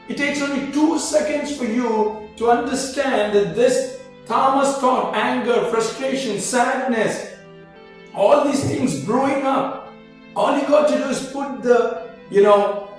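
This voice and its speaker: Spiritual host, male, high-pitched, animated and repetitive, recorded distant in a very reverberant room. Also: moderate pace. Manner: repeats phrases, many "you know" fillers, grows animated. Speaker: spiritual teacher, show host. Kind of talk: spiritual talk. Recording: very echoey, distant mic, faint music.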